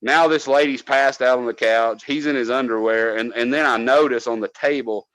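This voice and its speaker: A man from North Georgia, a podcast co-host telling a casual, profane story from his days as a cable tech, loudly acting out what people said. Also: mid-range voice, moderate pace, low-quality recording. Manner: profane, animated, acts out quotes loudly.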